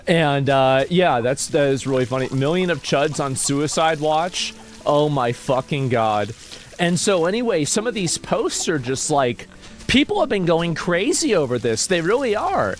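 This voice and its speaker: A man casually chatting on a livestream, reading posts aloud and answering chat in a rambling, mocking, profane way. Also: fairly high pitch. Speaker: streamer.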